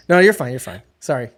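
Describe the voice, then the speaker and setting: A man's voice: high-pitched, slightly rough. A man hosting a casual podcast, rambling and correcting himself as he goes and laughing often. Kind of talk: casual chat.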